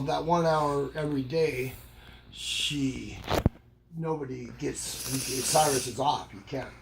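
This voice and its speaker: An older man telling a rambling, humorous story in a casual way, jumping up in pitch to act out the voices he quotes. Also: vocal fry. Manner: animated, acts out quoted voices with jumps in pitch. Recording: loud background noise.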